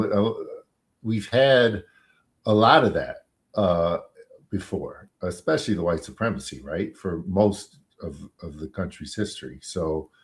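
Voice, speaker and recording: Deep-voiced, this defense attorney responds to interview questions slowly and carefully, hesitating often and using plenty of pauses and filler words.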